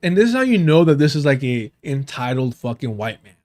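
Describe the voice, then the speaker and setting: A man's voice: mid-range voice, sing-song, a little fast, a little mellow. A man reacting to clips on a livestream, swearing a lot and mocking the people he covers. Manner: profane, mocking, mimics people in exaggerated voices. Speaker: livestream commentator.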